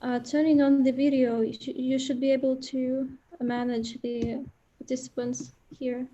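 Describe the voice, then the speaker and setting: A woman talks casually on a video call, often pausing to search for words. Her voice sits a little high, yet its tone stays mellow and warm. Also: little pitch movement, lo-fi sound. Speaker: new translation proofreader.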